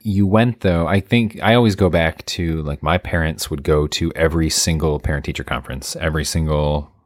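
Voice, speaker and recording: A man co-hosting a casual chat, candid and reflective, reacting with quick exclamations. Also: very deep voice, fairly even intonation, dry recording, studio quality.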